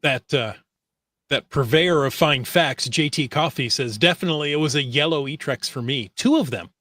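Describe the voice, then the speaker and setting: A man's voice: fairly high pitch, moderate pace, pushed and bright, no echo. Easygoing man reading listener comments. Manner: easygoing, reminiscing. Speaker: podcast co-host.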